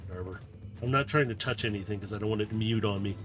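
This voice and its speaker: A man's voice: fairly low pitch, fast, fairly bright tone. A man running a tabletop game as game master, narrating scenes in a loose, rambling way. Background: faint fight music.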